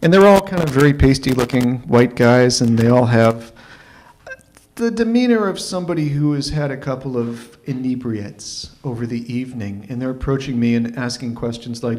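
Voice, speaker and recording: A man from Toronto, telling a story live at an open mic in a wry, animated, self-mocking way. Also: medium pitch, moderate pace. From Toronto, Canada.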